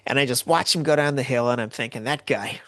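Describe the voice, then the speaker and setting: A Canadian man telling a story in a loose, rambling way, full of "like" and false starts. His voice sits at an ordinary middle pitch and sounds dry and close, with no room around it. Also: fast talker, a bit bright, no echo. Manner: rambling, lots of "like" and restarts. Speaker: podcast host. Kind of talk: casual storytelling.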